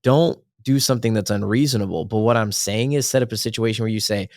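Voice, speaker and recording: A man's voice: fairly low pitch, quick pace, few pauses, darkish tone, no room sound, studio quality. A man co-hosting a faith podcast, talking earnestly in a rambling way and correcting himself as he goes. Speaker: podcast co-host. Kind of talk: casual faith podcast chat.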